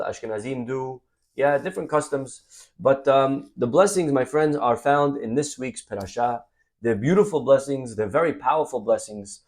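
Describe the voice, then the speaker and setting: A rabbi teaching a Torah class, reading Hebrew verses aloud, translating them and calling his listeners "my friends". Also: mid-range voice. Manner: animated, addresses listeners as "my friends".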